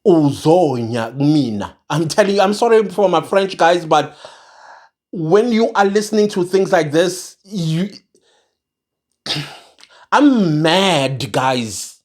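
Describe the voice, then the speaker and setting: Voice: mid-range voice, lively intonation, measured pace, darkish tone. An angry online commentator with a South African accent, mixing in isiZulu, ranting to viewers with emphatic repeated phrases. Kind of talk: impassioned rant to viewers.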